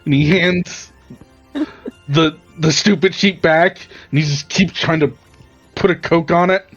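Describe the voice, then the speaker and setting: A man's voice: a little high, fairly even intonation, measured pace, fairly bright tone, dull audio, faint music behind. A man playing in a tabletop role-playing game, describing his character's actions in a rambling, joking way. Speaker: player. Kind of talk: tabletop role-play narration.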